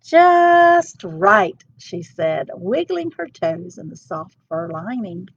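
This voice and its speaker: A woman's voice: lowish voice, very animated, unhurried, gravelly, dark tone, a little hiss or hum. A woman hosting a storytime, reading a children's book aloud with expression. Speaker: storytime host. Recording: dull lo-fi sound.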